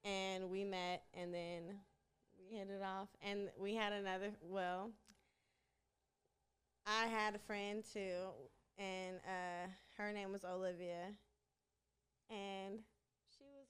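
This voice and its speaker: Smooth-voiced young woman, laid-back chat. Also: mid-range voice, level tone, takes it slowly, pauses often. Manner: laid-back, laughs often, slangy storytelling. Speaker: rapper and singer, interview guest. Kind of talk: casual interview chat.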